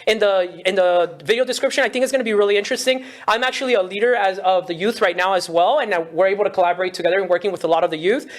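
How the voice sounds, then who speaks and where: A man hosting a casual interview, talking quickly with many fillers like um and uh. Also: high-pitched. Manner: fast, filler-heavy, hesitant with repeated words. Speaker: interview host.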